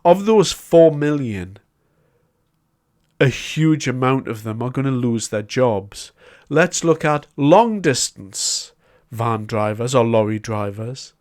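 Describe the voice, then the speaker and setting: A man's voice: mid-range voice, expressive, takes it slowly, a little mellow. A man giving a solo political commentary, talking in a conversational, emphatic way as he builds his argument point by point.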